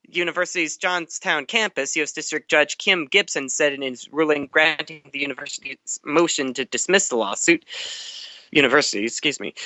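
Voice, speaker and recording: A man's voice: high voice, sharp tone, dry recording. A man co-hosting an online news show, reading news items and adding wry quips, calling in over the internet. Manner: wry, reads news copy then jokes about it. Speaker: co-host, entertainment reporter. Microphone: internet call.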